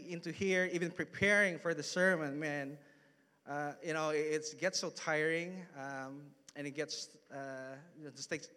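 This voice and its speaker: This pastor's voice is a little high, pushed, and bright. A man in his thirties, he tells stories through a casual sermon in a church hall, keeping it chatty with many asides to the congregation.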